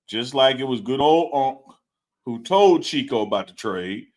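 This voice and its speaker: A man's voice: medium pitch, animated, unhurried. Teasing, emphatic man debating sports. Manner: teasing, emphatic, repeats himself. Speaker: co-host. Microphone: live stream setup.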